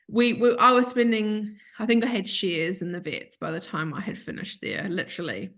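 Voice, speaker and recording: A woman, telling a personal story in a chatty, animated way as an interview guest, acting out the voices of others and laughing often. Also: mid-range voice. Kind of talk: casual storytelling.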